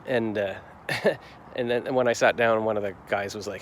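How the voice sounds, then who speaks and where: Faint street noise surrounds a man in his forties as he recaps his day in a casual vlog, rambling and reflective, with lots of fillers and restarts. He speaks at normal speed in a fairly low voice.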